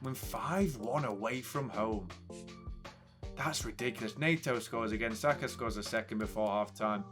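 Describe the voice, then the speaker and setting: A man's voice: medium pitch, normal speed, a bit bright, faint music behind. A young man commentating a football video game casually, swinging between hype and frustrated ranting. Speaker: gaming YouTuber.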